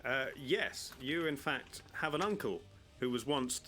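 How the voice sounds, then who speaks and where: A man runs a tabletop game as dungeon master, describing the action in a bright, forward voice. He talks in a relaxed, hesitant way, full of fillers and small chuckles. Faint music plays underneath. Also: medium pitch, a little slow. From United Kingdom.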